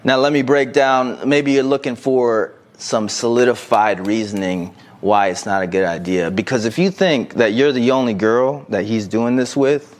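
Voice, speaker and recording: A man co-hosting a casual podcast, reading out a listener's message and giving blunt, animated advice with plenty of swearing. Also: mid-range voice, moderate pace. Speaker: podcast co-host.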